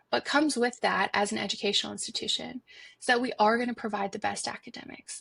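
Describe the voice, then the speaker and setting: A woman's voice: medium pitch, creaky, fairly bright tone, slightly rough, no room sound. A woman guest on a podcast interview, speaking in an earnest, heartfelt way with frequent restarts. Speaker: guest, foundation institute director.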